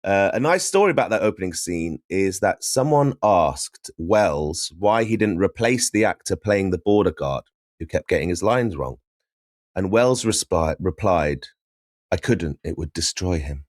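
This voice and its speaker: A young man from Syria co-hosts a podcast with a very low voice. The sound is dry and close, and he tells animated stories, laughing as he goes. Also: normal speed, dry recording. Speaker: podcast co-host. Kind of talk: casual chat.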